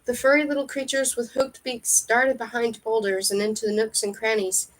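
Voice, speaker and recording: A woman reading a fantasy novel aloud in steady storybook narration. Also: fairly high pitch, normal speed, low-quality recording. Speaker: reader.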